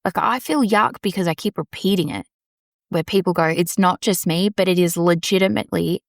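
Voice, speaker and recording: A woman's voice: fairly low pitch, a little fast, vocal fry, dry recording, studio quality. A woman, talking candidly and rambling on her solo podcast from a small storage room. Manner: candid, rambling, swears casually. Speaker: podcast host. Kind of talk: casual solo podcast monologue.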